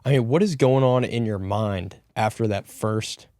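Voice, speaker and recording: A man hosting a podcast interview, reacting softly and asking gentle follow-up questions. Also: fairly low pitch, moderate pace, dry recording, studio quality. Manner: soft-spoken, sympathetic reactions and follow-up questions. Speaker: podcast host. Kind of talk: conversational interview.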